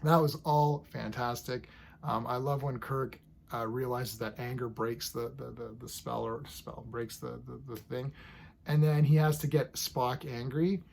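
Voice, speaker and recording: A man's voice: medium pitch, steady tone, measured pace, gravelly, a little mellow, slight background noise. A man casually reviewing a TV episode, rambling enthusiastically and acting out scenes as he goes.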